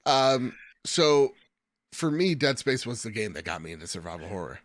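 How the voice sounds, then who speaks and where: A man's voice: mid-range voice, sing-song, normal speed, dry recording, clean studio sound. A man co-hosting a casual gaming podcast, joking around and reading out listener mail, with a slight lisp. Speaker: podcast co-host.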